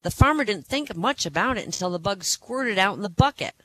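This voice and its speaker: Animated joke teller with a bright voice. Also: mid-range voice, fairly quick, no room sound. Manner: animated storyteller who laughs at their own punchlines. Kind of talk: telling jokes to a small group.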